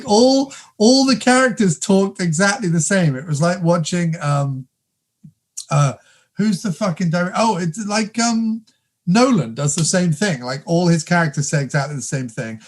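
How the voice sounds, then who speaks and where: A man co-hosting a podcast, ranting about a film in casual chat, swearing and laughing as he goes. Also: a little high. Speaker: podcast co-host.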